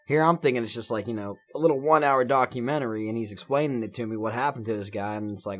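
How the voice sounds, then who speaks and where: A man's voice: mid-range voice, fast, few pauses. Blunt, swearing male podcast co-host. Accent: Southern US twang. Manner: crude and blunt, swears freely. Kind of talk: casual podcast chat.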